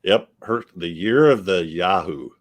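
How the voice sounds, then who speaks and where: A man's voice: deep voice, lively intonation, unhurried. A man hosting a casual film-review podcast, rambling and hesitant with fillers. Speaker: podcast host.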